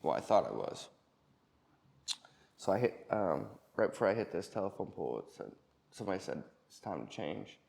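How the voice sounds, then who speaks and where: Guy telling his story, gravelly voice, lots of ums, halting. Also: deep voice, very animated, darkish tone. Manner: plain, halting storytelling with many fillers. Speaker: employee sharing personal story. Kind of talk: personal testimony.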